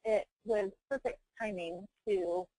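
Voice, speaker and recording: A woman in her thirties tells stories from her family life in an open, animated way. She laughs easily and slips into the voices of the people she quotes. The sound is close and dry, with no room around her. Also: medium pitch, slow pace, no echo, low-quality recording. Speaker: adoptive mother, guest. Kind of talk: candid conversational storytelling. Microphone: webinar call mic.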